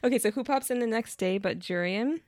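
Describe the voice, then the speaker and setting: A woman's voice: on the high side, a little fast, a little mellow, no room sound, studio quality. A young woman co-hosting a podcast, chatting casually as she recaps a book plot with slang and frequent laughter. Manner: bubbly, laughs often, retells plot with slang. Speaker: podcast co-host.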